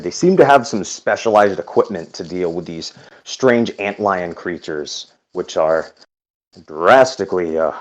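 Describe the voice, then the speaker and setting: A man narrating a tabletop game as game master, unhurried and with frequent hesitations. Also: deep voice.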